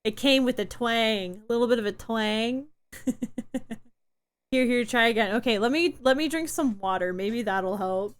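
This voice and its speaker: A woman's voice: fairly high pitch, moderate pace. Giggly young woman chatting on stream. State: throat tired from talking. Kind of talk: casual live-stream chat.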